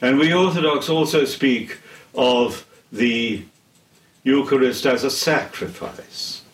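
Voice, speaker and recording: An older man giving a theology lecture in a deliberate, solemn way, pausing between phrases. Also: mid-range voice. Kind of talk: slow measured theology lecture. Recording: echoey room, heard from a distance.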